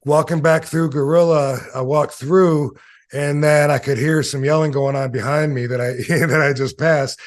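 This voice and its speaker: Man, fifties, slightly high voice, rambling storyteller, lots of ums, acts out quoted voices. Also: steady tone, normal speed. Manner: rambling anecdotes with many fillers. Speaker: interview guest, former wrestler. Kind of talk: casual storytelling interview.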